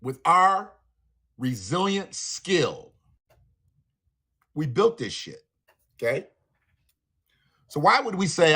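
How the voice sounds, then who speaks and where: A livestream host, a man whose profane commentary swings up and down in pitch with lively energy. His voice sits a bit high for a man and has a bright, slightly husky edge. Soft music plays faintly underneath. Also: slow pace, long pauses. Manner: profane, animated, laughing asides. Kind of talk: live commentary rant.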